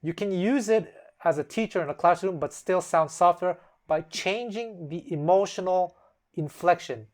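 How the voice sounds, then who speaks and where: This is a host giving a relaxed spoken lesson, walking through examples one at a time. The voice sits in a middle pitch. Now and then it slips into a different tone to act out a phrase. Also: normal speed. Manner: explains step by step and acts out example phrases in shifting tones. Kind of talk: casual explanatory lesson.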